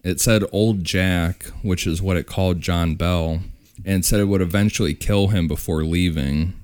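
A man hosting a podcast, telling a ghost story in a relaxed, casual way. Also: sits low, normal speed. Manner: relaxed, with fillers and restarts. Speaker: podcast host.

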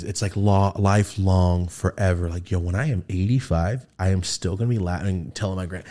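A young man hosting a podcast, telling a story casually and acting out quotes with sudden shouts. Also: a little fast, hardly any pauses. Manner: animated, acts out quotes with big pitch jumps and shouts. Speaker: podcast host.

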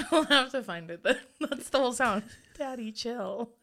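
A young woman in easy conversation with a bright voice that swoops up and down. She acts out the people in her stories and laughs often. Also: high voice, expressive, normal speed. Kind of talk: casual chat.

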